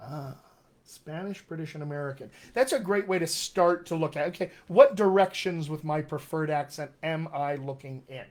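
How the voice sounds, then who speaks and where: A man's voice: a little high, normal speed. A man teaching accents on a live stream, reading viewer comments aloud in an upbeat, chatty, encouraging way. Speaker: dialect coach.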